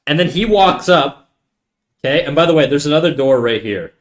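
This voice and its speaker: A man live streaming, telling a story to his chat in a casual, animated and profane way. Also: fairly high pitch, fairly quick.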